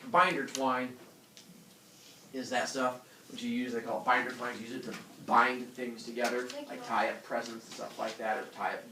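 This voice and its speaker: A man teaching a class, reading a story aloud in an animated way and stopping to explain words and quiz the students. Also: mid-range voice, moderate pace, slight background noise. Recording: echoey classroom from far off.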